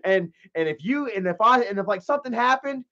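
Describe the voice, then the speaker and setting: A man's voice: sits high, lively intonation, a little fast, pushed and bright. A man hosting a livestream, telling a long, rambling story full of swearing and restarts. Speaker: livestream host. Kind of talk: casual livestream rant. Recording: dull lo-fi stream audio.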